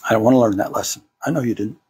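A man's voice: on the low side, rapid-fire, darkish tone, breathy edge. A man preaching to a congregation, acting out the voices of the people he quotes. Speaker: pastor. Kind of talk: sermon.

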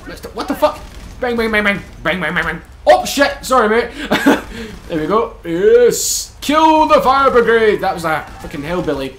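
Excitable high-voiced gamer. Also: male voice, slight background noise. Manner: excitable, swears often, laughs a lot. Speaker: gaming channel host. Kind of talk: casual gameplay commentary.

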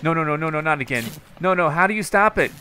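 A man giving casual let's-play commentary over a video game. He is excitable, laughs often and yelps out exclamations. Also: on the high side, fast, a little hiss or hum. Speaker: gameplay channel host.

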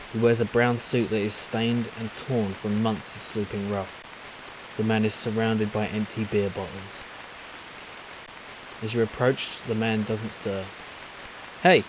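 A man commentating a game, reading its text aloud with relaxed asides. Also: fairly low pitch, background noise. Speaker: gameplay commentator.

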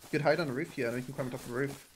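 A man's voice: medium pitch, fairly even intonation, rapid-fire, slight background noise. A man chatting casually while playing a multiplayer game, nervous, repeating words and swearing. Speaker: gamer playing a roleplay server. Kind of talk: casual gameplay chat.

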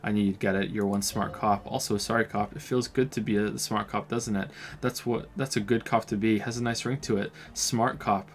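A man voicing a laid-back young male drifter in a video game, who talks in a quiet, flattering way. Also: lowish voice, fairly quick, few pauses, natural voice.

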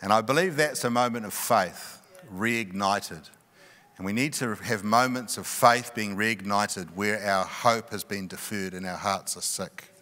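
A middle-aged male pastor telling a personal story in a sermon, animated and often laughing. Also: on the low side, unhurried. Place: large church hall. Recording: long reverb of a church hall.

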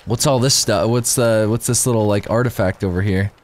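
A man giving casual, rambling let's-play commentary while gaming, excitable and quick to laugh. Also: lowish voice. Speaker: gaming YouTuber.

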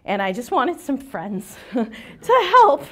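A woman in her forties giving a lively, joking seminar talk in a lecture room. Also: on the high side, takes it slowly. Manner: lively, joking, self-deprecating. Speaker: seminar speaker. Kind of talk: conference talk.

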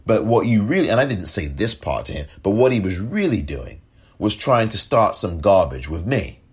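A man's voice: on the low side, big pitch swings, moderate pace, slightly rough. A man hosting a political podcast, delivering indignant solo commentary and mocking the people he talks about. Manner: impassioned, indignant; mocking impersonations of others.

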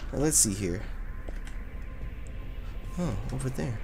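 A man hosting a let's play, commenting loudly and profanely, often yelling at the game. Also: mid-range voice, measured pace, long pauses, soft background music. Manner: loud, profane, excitable, yells at the game. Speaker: gaming channel host.

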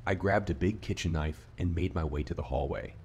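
A man reading a scripted horror story in a steady, measured narrating voice. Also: low-pitched, slight background noise. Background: faint rain ambience.

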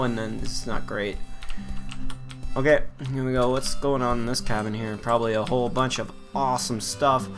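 A man's voice: medium pitch, fairly even intonation, moderate pace, fairly bright tone. A man giving joking, playful commentary while playing a video game. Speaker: gamer. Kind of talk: let's play commentary. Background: game music.

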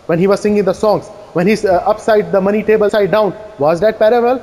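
Man, debate rebuttal, high voice, insistent, echoey hall reverb. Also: mellow. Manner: fast, insistent, challenging questions.

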